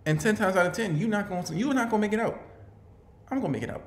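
A young man reacting out loud to a video, his voice high and swinging all over the place. He laughs, swears and trips over repeated words. His voice carries a roomy echo. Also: lively intonation, fast. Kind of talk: casual reaction commentary.

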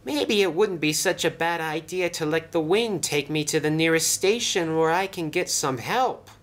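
A man's voice: moderate pace, fairly bright tone, close to an everyday voice. A man voicing a polite, fretful little male brake van in a toy train story. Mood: fearful. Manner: anxious, very polite, high and breathy.

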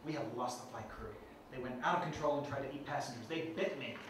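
A man's voice: mid-range voice, quick pace, natural voice. A man reading the part of a wounded male head flight steward, formal and recited. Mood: urgent. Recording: echoey room, distant mic, noisy.

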